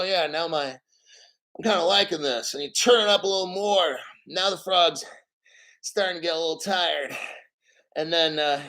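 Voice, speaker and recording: A man's voice: fairly high pitch, fairly bright tone. A middle-aged man hosting a casual livestream, ranting bluntly and profanely and checking in with "okay?". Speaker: crypto livestream host.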